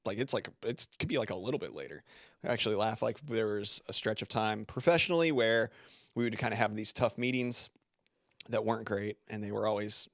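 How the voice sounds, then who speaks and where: A man's voice: lowish voice, a little fast, fairly bright tone, no echo, clean studio sound. A man speaking as a guest on a podcast, in loose, rambling conversation full of filler words and restarts. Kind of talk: casual interview talk.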